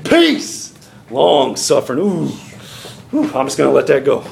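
A man preaching a sermon in a folksy, animated way, acting out little voices as he goes, with a congregation calling out amens. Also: medium pitch, measured pace, vocal fry, a little hiss or hum. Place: church. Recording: echoey church hall with congregation.

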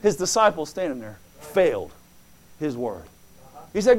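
A preacher man with a high voice delivers a fervent sermon. He reads scripture aloud and acts out quoted voices in dialogue. His delivery moves from hushed asides to ringing exclamations. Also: very animated, measured pace. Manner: fervent, swings from soft asides to loud exclamations.

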